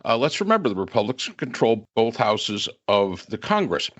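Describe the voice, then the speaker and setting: A man's voice: mid-range voice, sing-song, moderate pace, a bit bright. A man talking on a podcast panel in a casual political discussion, opinionated and sarcastic, rambling with restarts. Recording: dull lo-fi sound.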